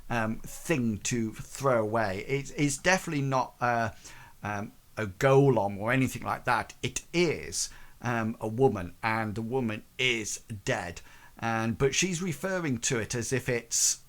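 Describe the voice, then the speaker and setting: A man narrating as game master of a tabletop game, with a halting, filler-heavy delivery. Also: medium pitch, expressive.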